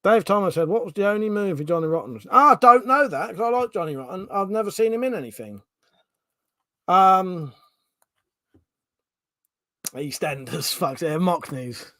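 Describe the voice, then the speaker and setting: Streamer, Home Counties English man, casual and profane, slightly raised pitch, dry close-mic room. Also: animated, normal speed, long pauses, a bit bright, dry recording. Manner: swears freely, reads out chat questions, thinks aloud. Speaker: live-stream host. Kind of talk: casual live-stream chat.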